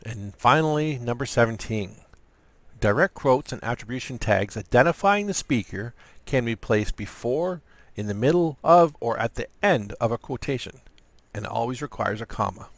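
Guy with a gravelly voice running a chatty grammar lesson, dry room sound. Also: medium pitch, lively intonation, moderate pace, no echo. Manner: chatty, self-deprecating asides. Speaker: writing channel host.

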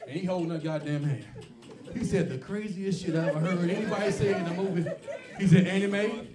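Loud profane stand-up comic man. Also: high voice, fast talker, recorded from a distance. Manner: loud profane storytelling, acts out voices. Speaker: stand-up comedian. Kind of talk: stand-up comedy set. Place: comedy club stage. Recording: echoey club, mic off from speaker, crowd noise. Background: laughing audience.

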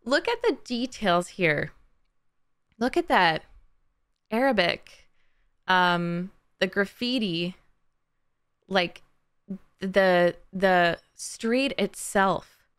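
A young adult woman hosting a casual reaction chat, gushing as an excitable fan. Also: mid-range voice, takes it slowly, pauses often, clear, resonant tone. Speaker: host reacting to a game trailer.

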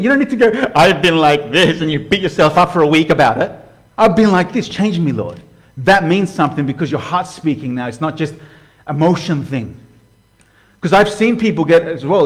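Man preaching, pitched a little high. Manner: conversational, asks the congregation direct questions; voice swings from hushed to loud. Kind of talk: sermon. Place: church hall before a live congregation.

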